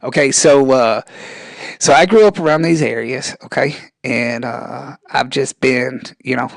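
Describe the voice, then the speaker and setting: A man's voice: medium pitch, gravelly, no echo. A man playing a scrawny, rambling man from rural with thinning hair, who says "man" after every phrase and trips over his words. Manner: stumbles on words when talking fast; touchy, easily riled up.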